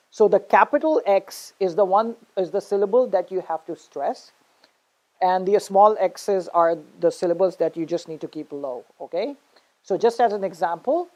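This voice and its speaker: A woman's voice: mid-range voice, darkish tone, poor audio. A woman teaching an online English pronunciation lesson. She explains patiently and often checks in with "okay?".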